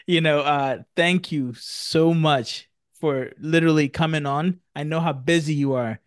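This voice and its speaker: A man hosting a podcast, supportive and quick to affirm his guest. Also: on the high side, clean tone, no echo, clean studio sound. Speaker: podcast host. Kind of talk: podcast interview.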